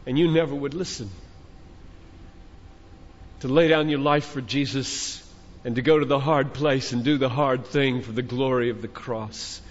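A man's voice: medium pitch, fairly even intonation, normal speed, pauses often. An older man preaching a fervent sermon to a conference crowd, exhorting his listeners and building up phrase by phrase like a father speaking to his children. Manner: fervent, exhorting, repeating phrases with rising intensity. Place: large conference hall. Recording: dull sound with long hall reverb.

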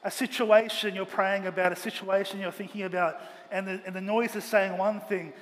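A pastor preaching a Sunday sermon with earnest, emphatic delivery, speaking in a church auditorium. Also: male voice, high voice, fairly even intonation, normal speed. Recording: long hall reverb, faint ambient noise.

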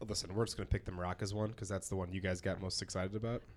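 A man's voice: deep voice, very fast. Laid-back man running a podcast. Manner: relaxed, swears, runs the segments. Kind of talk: casual chat.

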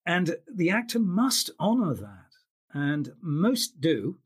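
An audiobook narrator speaks thoughtfully in an interview conversation, restarting often. His voice sits high and is very animated, with a slow pace and a breathy edge.

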